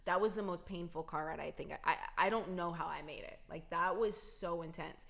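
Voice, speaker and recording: A woman's voice: fairly low pitch, fairly quick, creaky. A young adult woman telling a personal story to her viewers in a casual, emphatic way. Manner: emphatic, talks straight to viewers. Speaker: vlogger.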